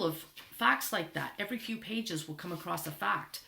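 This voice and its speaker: A woman reading a picture book aloud to children, teaching syllables slowly and clearly, stretching out words to clap them. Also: lowish voice, sharp tone, reverberant, slight background noise. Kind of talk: read-aloud lesson for children.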